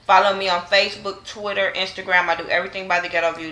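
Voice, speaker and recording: Sassy, blunt woman vlogger, bright voice. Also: mid-range voice, fairly even intonation, quick pace. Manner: blunt and sassy, acts out quotes. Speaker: vlogger reviewing a reality show. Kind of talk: casual, profane recap. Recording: echoey room.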